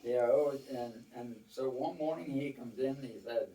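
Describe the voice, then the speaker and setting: A man's voice: medium pitch, normal speed, dark tone. An older man telling rambling, folksy war stories to a small audience, quoting others at length. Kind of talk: casual storytelling to a small audience. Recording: roomy, from far off the mic.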